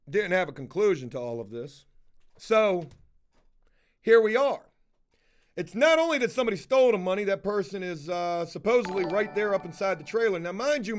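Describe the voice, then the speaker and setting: A man streaming live, telling a story in a casual way. He swears a lot and keeps breaking off to call out viewers in the chat. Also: high voice. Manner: profane and animated, calling out viewers in the chat.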